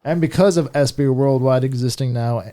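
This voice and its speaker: A man's voice: medium pitch, moderate pace, warm tone. A young man co-hosting a casual podcast, rambling and playful as he shares things he read. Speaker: podcast co-host. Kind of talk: casual stoner chat.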